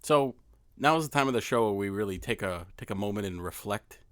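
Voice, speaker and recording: A man co-hosting a podcast, chatting casually with quick, joking banter. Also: lowish voice, lively intonation, fairly bright tone, no room sound. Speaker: podcast co-host. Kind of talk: casual chat.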